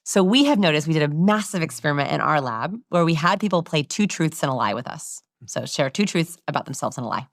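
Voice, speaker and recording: Low-voiced woman explaining with energy. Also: fast talker, few pauses, dry recording, studio quality. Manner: animated, demonstrating vocal examples. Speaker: communication researcher and guest. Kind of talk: expert interview explanation.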